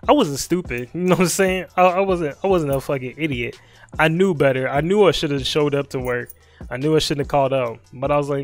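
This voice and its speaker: A man's voice: a little high, a little fast, fairly bright tone, faint music behind. A young man streaming, casually telling a story in slangy talk, laughing often and acting out both sides of the conversation.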